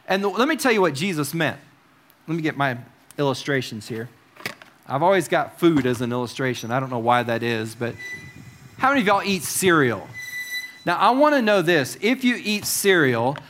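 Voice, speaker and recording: Guy preaching in church, kinda high voice, chatty, keeps quizzing the crowd. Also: animated, moderate pace, a bit bright, a little hiss or hum. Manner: chatty, asks the congregation questions, wry asides. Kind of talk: conversational sermon.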